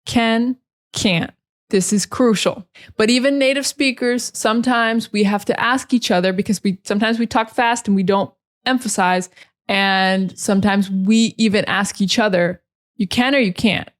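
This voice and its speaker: A woman from Maine with an American accent, teaching English pronunciation and repeating words slowly and carefully, syllable by syllable. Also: medium pitch, fairly even intonation. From Maine, USA. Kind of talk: pronunciation lesson.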